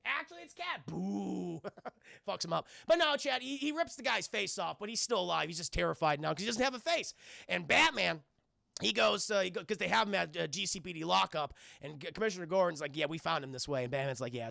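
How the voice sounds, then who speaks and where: Gravelly, bright-voiced man rambling to chat. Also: sits high, no echo, studio quality. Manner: rambling, profane, frequent restarts. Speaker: streamer reviewing cartoons. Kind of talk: casual recap to a live chat.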